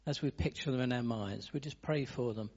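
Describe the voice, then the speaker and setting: A man's voice: mid-range voice, brisk, a little mellow, lo-fi sound. A man leading a church gathering, briefly thanking speakers and then leading a short prayer. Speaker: meeting leader.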